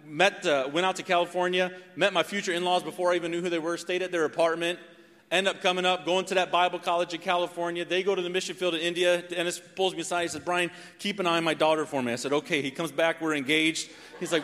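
A man's voice: high voice, fast, a little hiss or hum. A man in his forties from North Carolina giving a sermon testimony, telling his story with lots of "right?". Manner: animated storytelling with frequent "right?". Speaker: preacher. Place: church sanctuary. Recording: long hall reverb.

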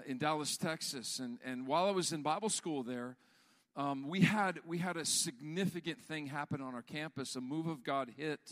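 A man preaching a sermon as pastor, animated and often repeating words as he builds a point. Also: a little high, long reverb tail.

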